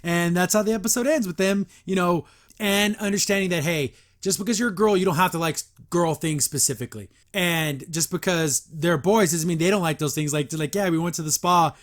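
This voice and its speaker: A man hosting a casual episode review, chatty and quick to laugh, with lots of filler words. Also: sits high. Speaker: host.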